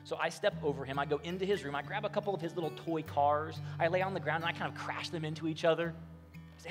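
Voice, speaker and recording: A man preaching as pastor in a church sanctuary, his slightly high voice carrying a long hall reverb. He speaks in a measured way, letting key phrases fall soft and low, while a faint guitar plays underneath. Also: fairly even intonation. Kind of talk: sermon with personal storytelling. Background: soft guitar music.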